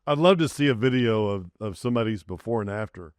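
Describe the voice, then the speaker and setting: A man's voice: on the low side, animated, fast, no room sound, clean studio sound. A man with a Southern US accent hosting an interview, talking casually with many restarts and trailing off. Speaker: podcast host.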